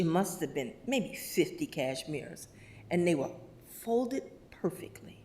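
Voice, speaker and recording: A middle-aged woman giving a eulogy, telling warm anecdotes, often laughing and acting out the people she quotes. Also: on the low side. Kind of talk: personal eulogy storytelling. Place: funeral service.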